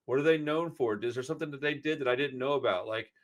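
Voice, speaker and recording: A man in his 40s talks fast at a medium pitch. He hosts a podcast where he tells sprawling, rambling stories in casual chat, loaded with swearing and frequent "dude"s.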